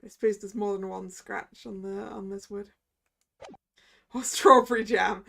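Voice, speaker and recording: A woman's voice: mid-range voice, level tone, normal speed, vocal fry, mellow. A woman streamer chatting and reading game dialogue aloud. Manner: chatty asides. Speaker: let's play streamer.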